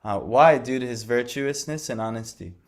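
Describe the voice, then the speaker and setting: A man's voice: mid-range voice, normal speed. A young man telling a devotional story and teaching in a conversational way, full of fillers and restarts. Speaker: scripture class speaker.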